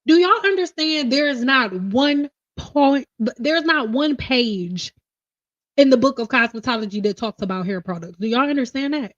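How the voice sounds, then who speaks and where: A blunt, teasing woman hosts a casual livestream rant, her voice sitting high. The audio is slightly dull and dry. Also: lively intonation, normal speed, no echo. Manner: blunt, teasing, laughs often. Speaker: hairstylist livestream host. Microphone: livestream mic.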